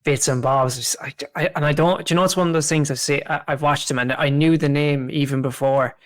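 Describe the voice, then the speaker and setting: A man's voice: a little high, steady tone, a little fast, no echo. A man on a podcast, rambling in a casual way, often restarting his sentences and swearing now and then. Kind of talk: casual chat.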